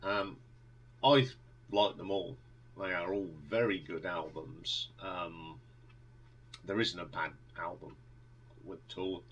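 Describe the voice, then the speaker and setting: A man's voice: low-pitched, steady tone, slow pace, pauses often, fairly bright tone, lo-fi sound, slight background noise. A man talking casually as he ranks a band's albums, rambling with many ums and restarts, enthusiastic. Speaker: music reviewer. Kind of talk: casual album review monologue.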